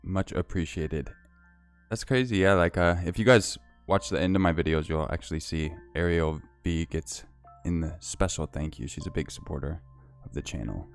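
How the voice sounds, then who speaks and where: A man with a low voice hosts a relaxed livestream and reads out viewer names and comments. He chats in a loose, easygoing manner, thanking people as he goes. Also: normal speed, creaky, smooth, soft background music. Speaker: livestream host. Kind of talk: casual livestream chat.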